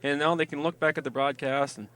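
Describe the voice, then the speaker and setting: A man calling a football game online, eagerly reading out viewer emails and shout-outs. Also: a little high, steady tone, fast. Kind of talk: live sports webcast commentary.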